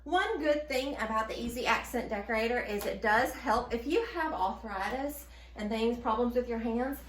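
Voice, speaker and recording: A woman's voice: a little high, normal speed, echoey room, a little hiss or hum. A woman with a Southern US accent hosting a casual cooking demonstration of her own baking product, chatty and upbeat with frequent ums and laughs.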